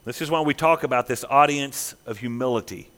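A man preaching a sermon as pastor, emphatic, dropping to hushed, slow lines and rising again. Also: mid-range voice. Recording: long reverb of a large hall.

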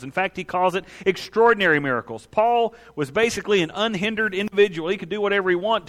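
A man preaching a sermon to his congregation, animated and emphatic, often calling out for an amen. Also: sits high. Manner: animated preaching with quick acted voices; asks the congregation for amens. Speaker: pastor.

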